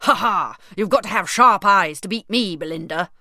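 A woman voicing a grumpy, boastful old king who grumbles and gloats loudly. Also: mid-range voice, big pitch swings, a little fast, dry recording, clean studio sound, natural voice. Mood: gloating. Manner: blustering, loud and gloating.

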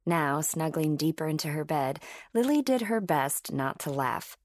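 Audiobook narrator, woman, low-ish and dry, steady storyteller. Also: unhurried, no echo. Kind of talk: scripted narration.

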